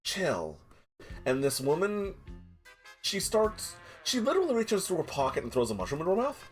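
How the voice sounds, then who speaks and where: Animated game master, tabletop narration, faint music behind. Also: medium pitch, brisk.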